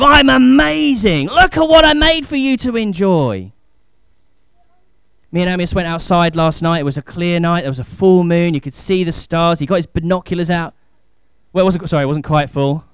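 A man's voice: sits high, clear, resonant tone, no room sound. A man in his thirties, a pastor giving a chatty, enthusiastic family talk in church. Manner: chatty, enthusiastic, rising to emphatic.

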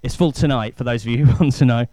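A man's voice: medium pitch, fast talker, mellow, no echo. A man in his thirties, a pastor giving a chatty, enthusiastic family talk in church. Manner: chatty, enthusiastic, rising to emphatic.

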